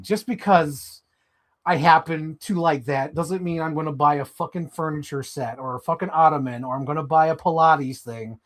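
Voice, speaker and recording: A man live streaming casually as he swaps parts on toy figures, talking in an animated way, swearing and jumping into high mock voices. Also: unhurried.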